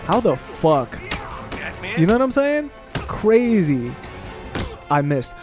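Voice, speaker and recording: Gaming vlogger, young man, somewhat high voice, profane heated rant. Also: very animated, slow, music in the background. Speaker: gaming video creator. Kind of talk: casual rant while playing a video game.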